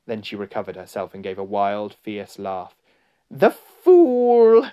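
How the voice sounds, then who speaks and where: Male storybook narrator, low voice, unhurried dramatic reading. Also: completely flat delivery, clear, resonant tone, dull audio. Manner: slow, deliberate, dramatic. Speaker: audiobook narrator.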